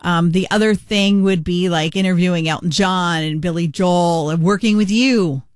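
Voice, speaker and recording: A woman's voice: on the low side, normal speed, clean tone, no room sound. Woman, morning radio co-host, casual chat, chatty, emphatic, filler-heavy, dry studio sound. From New York. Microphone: studio microphone.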